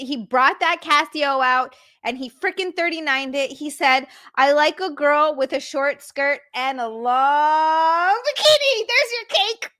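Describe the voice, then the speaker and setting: Excitable live-stream host, woman, high-pitched, dry recording. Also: no echo. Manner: excitable, reads chat aloud, gushing thanks. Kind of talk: casual live-stream chat.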